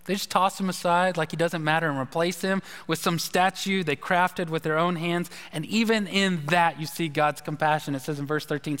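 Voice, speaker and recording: High-voiced male preacher in an echoing hall. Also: fairly even intonation, moderate pace, few pauses, a bit bright, clean tone. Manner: conversational, storytelling with asides. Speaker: pastor. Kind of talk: sermon. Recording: long reverb of a large hall.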